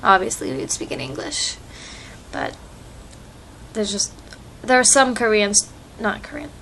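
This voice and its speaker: A young American woman vlogs casually on her phone microphone, rambling with lots of fillers. Her medium-pitched voice is very animated, creaky, and sharp in tone, and she speaks a little slowly against slight background noise.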